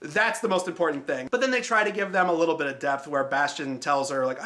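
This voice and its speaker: A man's voice: on the high side, fast talker, few pauses, bright, forceful tone. A man hosting a film review show, talking casually and sarcastically and swearing often. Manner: sarcastic, swears freely, mocking.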